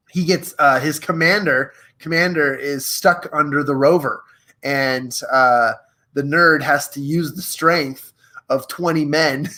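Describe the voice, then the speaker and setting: Energetic man hosting a live stream. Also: a little high. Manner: energetic, playful, reads aloud from a book and retells movie scenes. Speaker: host of a live social media show. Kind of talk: enthusiastic live-stream coaching talk.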